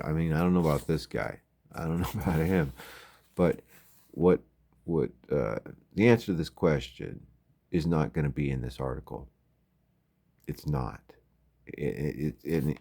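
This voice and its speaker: A man with a very low, gravelly voice talks through a casual late-night vlog at home. His tone is dark and husky, and he wanders along with wry asides. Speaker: vlogger. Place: home at night, windows open.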